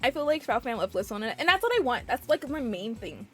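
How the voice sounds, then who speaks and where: A young woman chats casually with her live-stream viewers through a desk microphone. Her voice sits high, and she gushes, giggles and restarts her sentences. Faint music plays underneath. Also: sing-song, quick pace, a bit bright. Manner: bubbly, gushing, frequent giggles and restarts. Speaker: variety streamer.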